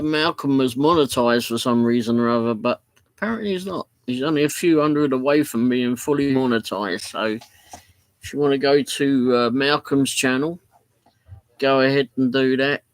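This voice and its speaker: A man talks in a loose, rambling way, reacting to viewer comments as he chats on a livestream from his home office. His voice sits at an ordinary middle pitch, and the recording is dry and close with almost no room sound. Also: no echo, low-quality recording. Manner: rambling, chatty, reads viewer comments aloud. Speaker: livestream host. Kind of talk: casual live chat.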